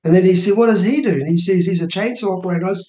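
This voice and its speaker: Speaking very fast in a high-pitched voice, a New Zealand man in his sixties tells a family story as a radio guest and election candidate. In this casual interview he animatedly acts out quoted dialogue, and the room is echoey.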